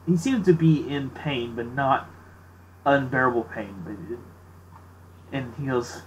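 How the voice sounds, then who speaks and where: A man's voice: medium pitch, moderate pace, a little hiss or hum, poor audio. A man narrating as game master, casual and full of fillers, chatting between scenes. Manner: casual, filler-heavy, laughs easily.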